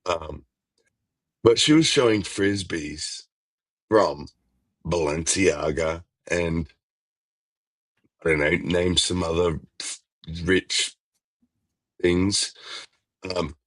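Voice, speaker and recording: A man in casual conversation, relaxed and profane, often laughing. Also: low-pitched, very slow, pauses often, dry recording. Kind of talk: casual chat.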